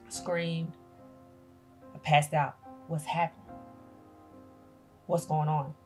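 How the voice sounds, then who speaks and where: A middle-aged woman, a grandmother, telling a painful personal story as a podcast guest, halting and emotional, repeating her phrases. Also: deep voice, little pitch movement, darkish tone, faint music behind.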